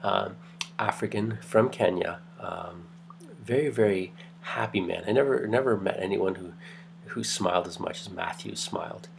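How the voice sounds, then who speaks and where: A man's voice: low voice, moderate pace, vocal fry, slight background noise. A middle-aged man giving a casual university lecture, telling anecdotes in a rambling way with many restarts. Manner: rambling, restarts, lots of fillers.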